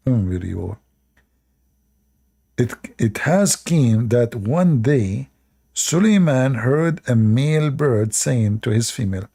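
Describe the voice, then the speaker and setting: Sarcastic gravelly male commentator. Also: mid-range voice, lively intonation, takes it slowly, mellow. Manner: sarcastic, laughs often at what he reads. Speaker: religious commentator. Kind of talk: mocking commentary on religious texts.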